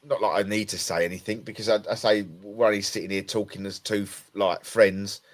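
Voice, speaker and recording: On a laid-back podcast, a weary co-host with an Essex accent chats in a lowish, level voice at a brisk clip. He wanders off track and keeps starting his sentences over.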